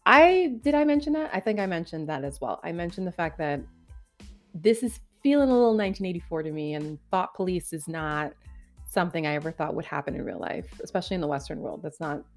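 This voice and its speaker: A woman's voice: low-pitched, animated, fast talker, a little mellow, faint music behind. A woman from Canada reading a news article aloud and breaking off to react, chatty and self-deprecating as she stumbles over names. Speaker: commentary vlogger.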